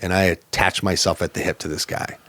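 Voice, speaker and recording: Brief: low-voiced man, plainspoken and earnest, dry close recording, personal storytelling. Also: level tone, fairly quick, a bit bright, no room sound. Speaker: podcast guest.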